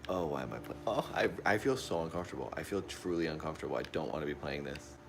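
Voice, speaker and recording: A man with an extremely low, gravelly voice chatters through a horror game he is streaming from a dark room at home. He frightens easily and keeps repeating his exclamations. He is recorded on a phone, with a faint hiss underneath. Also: lively intonation, quick pace. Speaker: livestreamer playing a horror game. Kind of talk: live gameplay commentary. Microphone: phone pointed at the TV.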